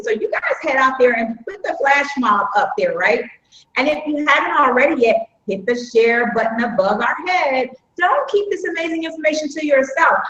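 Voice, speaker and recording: A woman's voice: a little high, a bit bright, highs cut off. Upbeat woman hosting an echoey live stream. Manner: upbeat, chatty, folksy y'all. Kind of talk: casual live-stream chat.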